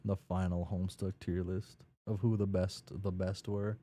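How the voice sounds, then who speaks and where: A man's voice: low-pitched, flat delivery, normal speed, mellow. A man streaming a game, talking casually and rambling as he recaps what he played. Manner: rambling, many fillers and restarts.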